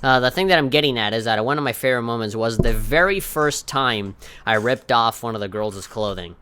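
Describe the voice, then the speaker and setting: A man's voice: medium pitch, brisk, bright, forceful tone, slight background noise. A man co-hosting a podcast in casual chat, telling his story candidly and making fun of himself along the way. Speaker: podcast co-host.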